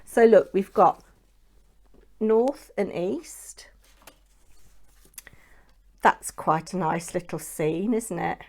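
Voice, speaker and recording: She has a lowish voice and talks a little slowly. Hosting a papercraft channel, she rambles chattily through her work and tacks on plenty of tag questions, the style of a chatty crafting vlog.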